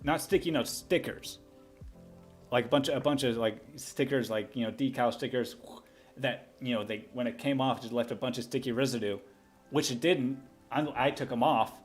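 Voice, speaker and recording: A young man hosting a livestream, telling a story in a loose, rambling way, doubling back and restarting his sentences often. His voice sits in an ordinary middle pitch, with a little music playing faintly underneath. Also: steady tone, fairly quick. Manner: rambling, with many restarts and asides. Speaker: livestream host.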